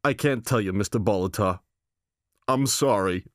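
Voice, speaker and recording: A man's voice: lowish voice, normal speed, no echo, clean studio sound, lightly acted. A man voicing a big, tough woman who sounds childlike, sullen and pleading, in a storybook reading. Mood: sulky, childlike.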